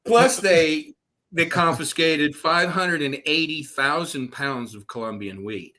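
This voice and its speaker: Bright-voiced profane storytelling man. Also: on the high side, takes it slowly. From Southwest Florida. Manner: profane, laughing raconteur. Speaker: podcast guest, author. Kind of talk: storytelling interview.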